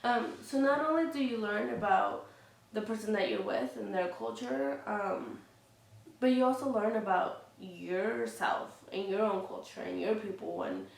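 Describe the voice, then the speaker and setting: An outspoken woman talks straight to her viewers in a loose, unscripted vlog, blunt and fired up, with the odd curse. Her voice sits at an ordinary middle pitch. It sounds roomy, as if she sits back from the mic. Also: measured pace, gravelly, distant mic. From Latina heritage. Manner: frank and heated, swears freely, many fillers like "you know". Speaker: vlogger. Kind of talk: casual candid vlog talk.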